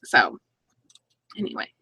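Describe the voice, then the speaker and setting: A woman's voice: takes it slowly, bright, forceful tone, no echo, poor audio. A woman in her thirties hosting a casual live-stream chat, reading viewer comments aloud and laughing between stories. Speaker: YouTube channel host.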